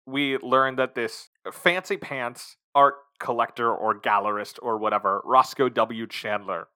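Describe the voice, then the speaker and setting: Bright-sounding guy cohosting a movie podcast, wry, laughs a lot. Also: mid-range voice, measured pace. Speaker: podcast co-host. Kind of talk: casual movie-review chat.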